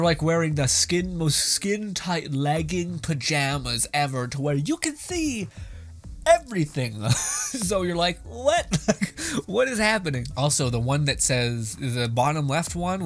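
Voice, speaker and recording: A young man hosting a casual reaction show, rambling and laughing, crude and animated. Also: mid-range voice.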